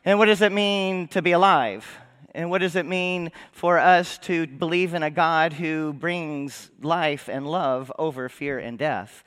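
A man's voice: on the high side, unhurried, fairly bright tone, clear, resonant tone. A male pastor preaching an Easter sermon in a church, speaking conversationally and putting questions to the congregation. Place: church sanctuary.

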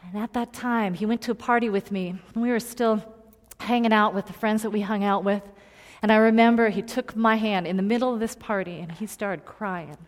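A woman preaching a personal story in a sermon, earnest and confiding, moving between loud emphasis and hushed tones. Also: mid-range voice, steady tone, moderate pace, few pauses. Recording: long hall reverb.

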